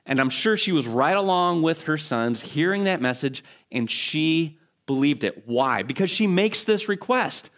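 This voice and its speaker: A man's voice: on the high side, expressive, moderate pace, a bit bright. A male pastor preaching a sermon in a conversational, storytelling way, with asides and restarts.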